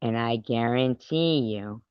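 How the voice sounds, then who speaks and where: A woman vents in an angry vlog rant, swearing and taunting as she hammers her points home with repeated words. Her voice is smooth and clear, and she talks at a slow, deliberate pace. The recording is dry and dull, with a lo-fi sound. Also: very deep voice, no room sound. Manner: profane and confrontational, taunting. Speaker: vlogger.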